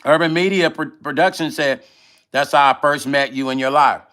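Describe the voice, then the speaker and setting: Man, middle-aged, livestream host, casual chat, repeats himself, bright tense tone. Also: on the high side, moderate pace. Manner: loose, conversational, repeats himself when emotional. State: eating while talking. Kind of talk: casual livestream chat reading viewer comments.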